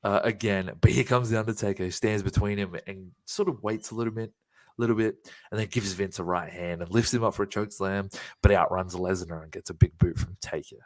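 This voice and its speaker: A man recaps an old wrestling show for his co-hosts in a low-pitched voice. He narrates play by play in loose, casual chat, swearing and laughing as he goes. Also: fairly even intonation, a little fast. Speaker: podcast co-host.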